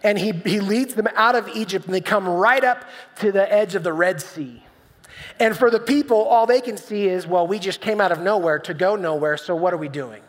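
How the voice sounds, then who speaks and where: A man preaching with a high, bright voice that rings through a church hall with a long echo. He talks in a relaxed, conversational way, telling stories and acting out voices for laughs. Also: moderate pace. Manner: conversational, storytelling, acts out voices with humor. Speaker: pastor. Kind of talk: sermon. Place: church stage.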